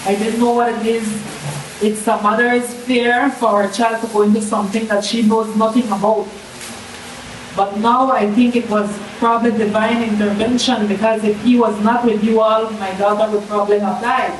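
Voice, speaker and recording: A woman's voice: fairly high pitch, little pitch movement, moderate pace. Earnest mother, distant and echoey. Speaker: mother of a community member. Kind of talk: emotional testimony. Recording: echoey, distant, noisy outdoor recording.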